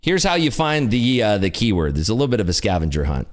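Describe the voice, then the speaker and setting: A man hosts a live trading stream in a chatty, upbeat way, cracking jokes between updates. His voice is on the low side but bounces all over the place. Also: very animated, quick pace. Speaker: day-trading livestream host. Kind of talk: casual live commentary.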